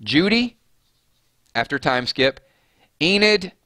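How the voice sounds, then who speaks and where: Slightly high-pitched and slow, this man hosts a casual live stream, chatting loosely and reading viewer comments aloud. He's animated, and his voice jumps up on names and questions. The studio-quality recording has no room sound.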